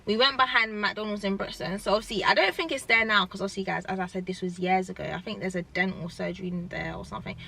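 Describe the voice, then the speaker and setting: Bright-voiced young woman vlogging. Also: mid-range voice, quick pace, creaky, hardly any pauses, slight background noise. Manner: animated, rambling, heavy use of "like". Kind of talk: casual storytime chat.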